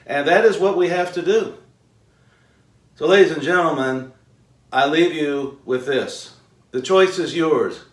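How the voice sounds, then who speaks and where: Male self-help host, emphatic lecturer, roomy distant sound. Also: a little high. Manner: emphatic, rhetorical questions, drawn-out pauses. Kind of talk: motivational lecture to camera. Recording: roomy echo, mic far off.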